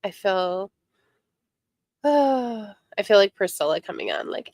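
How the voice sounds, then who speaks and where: A woman's voice: mid-range voice, expressive, slow, pauses often, a little mellow, no echo, clean studio sound. A woman hosting a casual livestream chat, congested from a head cold, greeting viewers by name as she rambles along with fillers. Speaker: livestream host.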